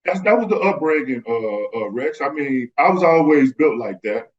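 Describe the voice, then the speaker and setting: A man's voice: mid-range voice, animated, moderate pace, dull audio. A man, a guest telling stories in casual chat and acting out the voices of the people in them. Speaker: guest, former pro basketball player. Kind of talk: casual storytelling.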